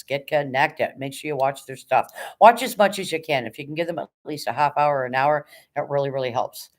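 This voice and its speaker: A woman hosting a casual livestream, reading chat and cheering viewers on in a hyped, rapid auctioneer-like patter, swearing now and then. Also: sits low. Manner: chatty, encouraging, swears casually. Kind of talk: casual live-stream chat.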